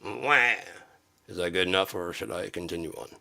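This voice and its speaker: A man's voice: low voice, little pitch movement, fast talker, vocal fry, bright, forceful tone. A man doing a profane, sarcastic satirical comedy rant. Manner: sarcastic, profane, jumps into mocking voices.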